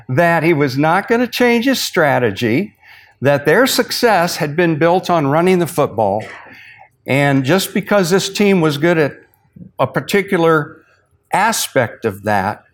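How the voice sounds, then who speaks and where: A man leads an evening Bible study in a sermon style, his voice sitting a little high. He talks in a folksy, relaxed way and drags out key phrases for weight. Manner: folksy, uses sports stories to illustrate points.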